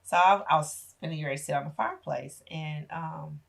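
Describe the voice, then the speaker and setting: A woman's voice: low-pitched, sing-song, brisk, vocal fry, hardly any pauses. A middle-aged woman, a podcast guest, telling a painful personal story with emotion and acting out the voices of family members.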